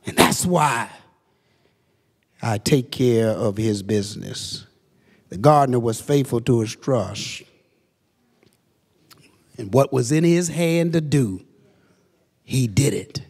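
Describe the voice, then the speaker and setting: A man preaching a sermon as pastor, telling a story and rising to shouted climaxes. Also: mid-range voice, animated, takes it slowly, long pauses, slightly rough. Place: large church sanctuary. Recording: long church reverb.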